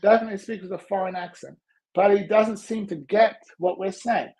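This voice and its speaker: A man hosting a podcast as a coach, telling stories in conversation and acting out other people's voices with big jumps in pitch. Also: a little fast, darkish tone, rough recording. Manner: laughs while telling. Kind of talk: storytelling in conversation.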